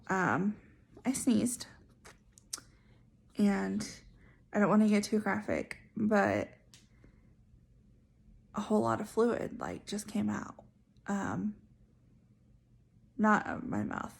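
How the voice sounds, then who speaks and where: A woman's voice: medium pitch, creaky, fairly bright tone, slightly rough. A young woman telling a personal story in a chatty way, with many fillers and asides. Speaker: vlogger sharing her story. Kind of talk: casual storytelling.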